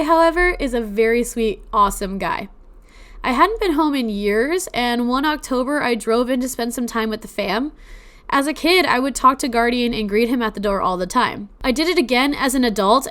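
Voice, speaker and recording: A woman's voice: on the high side, clean tone. A young woman casually telling personal ghost stories on a podcast, emotional and teary-eyed at times, chatting with plenty of fillers.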